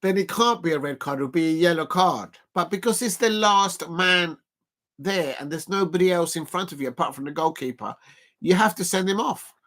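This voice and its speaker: A man hosting a casual live football watch-along, chatty and excitable, counting exercise reps between remarks and shouting at big moments. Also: high voice, normal speed. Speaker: livestream watch-along host.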